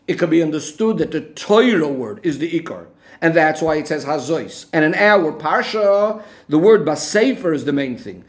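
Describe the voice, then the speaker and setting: High-voiced man teaching a text lesson. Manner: methodical, restating points step by step. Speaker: Torah teacher. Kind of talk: explanatory Torah lesson.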